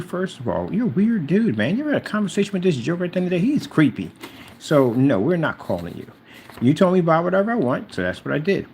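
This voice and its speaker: A man's voice: medium pitch, gravelly, darkish tone, slight background noise. A man in a mocking, confrontational rant aimed at someone who isn't there, repeating his jabs over and over. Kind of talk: taunting rant addressed to someone absent.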